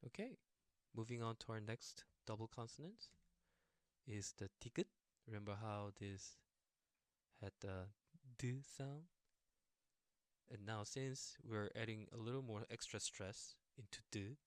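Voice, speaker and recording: A man's voice: lowish voice, measured pace, pauses often, no room sound, clean studio sound. A young man casually teaching a language lesson, explaining patiently with everyday examples and a few fillers.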